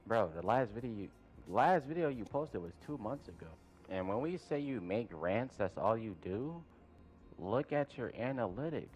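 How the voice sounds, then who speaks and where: A man's voice: medium pitch, animated, normal speed, darkish tone, faint music behind. A man in a heated, profane rant, accusing another creator of copying him. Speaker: rival YouTuber in clip.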